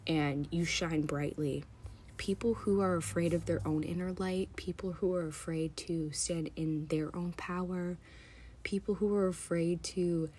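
A woman hosting a podcast, talking earnestly and emotionally, often dropping to a soft whisper. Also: low-pitched, slight background noise. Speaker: podcast host reading stories. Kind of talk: casual chat.

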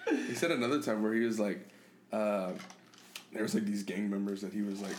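A man co-hosting a podcast, telling stories in a profane, animated way, full of fillers. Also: fairly low pitch, brisk. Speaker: podcast co-host. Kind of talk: casual chat, storytelling. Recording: echoey room with faint ambient noise.

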